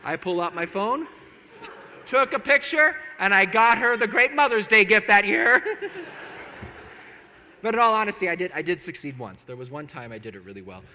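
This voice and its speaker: A man's voice: sits high, animated, moderate pace, long pauses, pushed and bright, big-room sound. A man giving a talk and telling a self-mocking story about his marriage, laughing at his own jokes.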